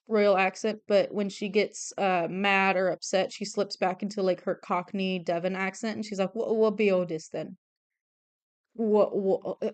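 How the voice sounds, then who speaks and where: A young woman streams as an artist, chatting casually while she draws in a rambling, self-deprecating way and laughing often. Her medium-pitched voice is a little mellow, clear and resonant, with no echo.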